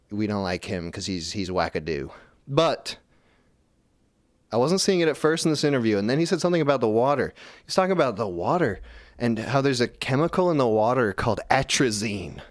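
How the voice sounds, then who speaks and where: A man hosting a call-in show, rambling through a comedic monologue full of profanity and deadpan asides. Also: lowish voice, dry recording, clean studio sound.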